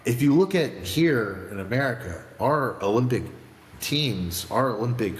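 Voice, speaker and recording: A man co-hosting a casual podcast chat, an animated storyteller who rambles with restarts. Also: mid-range voice, a little slow, reverberant, big-room sound, a little hiss or hum. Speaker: podcast co-host.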